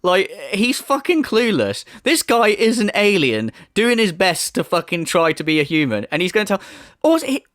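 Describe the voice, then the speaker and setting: A man's voice: high voice, sing-song, normal speed, fairly bright tone, dry recording, clean studio sound. A man giving profane, sarcastic commentary over video clips, laughing and mocking as he goes. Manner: sarcastic, laughing, swearing freely. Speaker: commentary YouTuber.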